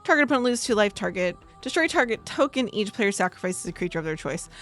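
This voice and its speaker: A woman's voice: fairly high pitch, expressive, a bit bright, soft background music. Bubbly woman reading card text. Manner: bubbly, gasping and laughing, reading card text aloud quickly. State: slight cold. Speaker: card-opening content creator. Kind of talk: excited pack-opening vlog.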